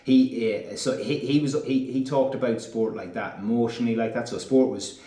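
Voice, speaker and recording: A man's voice: medium pitch, fairly even intonation, normal speed, dark tone, reverberant, far from the mic. A man in his thirties from Ireland with a Sligo accent, talking casually as an interview guest, rambling with lots of fillers and restarts and laughing easily. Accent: Irish, Sligo.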